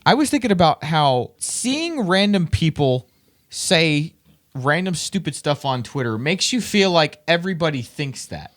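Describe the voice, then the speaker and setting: Male podcast co-host from Tennessee, lively rambling delivery, a bit high-voiced. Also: a little slow. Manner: animated, rambling with restarts. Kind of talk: casual chat.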